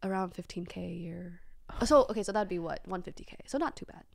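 Young woman guest, casual chat; giggly, lively pitch, gravelly fry. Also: quick pace, no echo, clean studio sound. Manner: animated and giggly, with trailing hedges.

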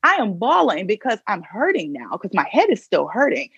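Gravelly-voiced woman telling her story. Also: mid-range voice, moderate pace, no room sound. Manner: animated, vivid retelling with acted-out quotes. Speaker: podcast guest. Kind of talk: emotional personal storytelling. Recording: slightly dull lo-fi recording.

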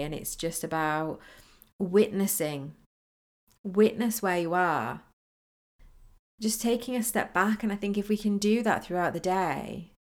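Rambling woman telling a story, lowish voice. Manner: rambling, storytelling with many fillers and restarts. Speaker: manifesting coach. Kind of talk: casual solo podcast talk.

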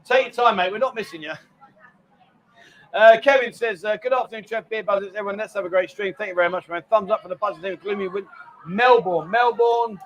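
A middle-aged man hosting a casual live stream from a lounge bar, reading out viewer comments and teasing his co-host with loud exclamations. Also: high-pitched, a little fast. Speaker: livestream host.

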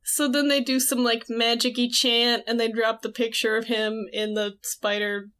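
A woman co-hosting a casual chat show, retelling scenes with lively, expressive delivery. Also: fairly high pitch, moderate pace. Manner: animated storyteller, acts out quoted lines. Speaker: podcast co-host.

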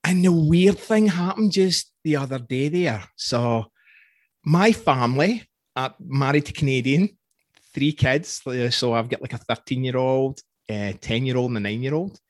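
A man's voice: mid-range voice, unhurried, no room sound. A middle-aged man with a Scottish accent, hosting a casual interview and telling stories with easy laughs. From Scotland. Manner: chatty, laughs easily, storytelling. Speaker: podcast host.

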